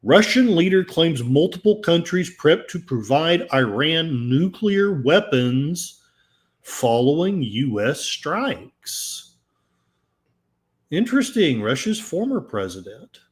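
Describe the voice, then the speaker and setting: A man hosting a podcast, reading news articles aloud with sarcastic, rambling asides. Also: on the high side. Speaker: podcast host. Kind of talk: casual commentary while reading news aloud.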